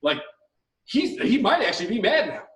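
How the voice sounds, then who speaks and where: Man, podcast co-host, heated profane rant, lively swooping pitch, echoey room. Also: normal speed, distant mic. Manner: profane, heated ranting with mocking impressions. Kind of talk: ranting advice podcast.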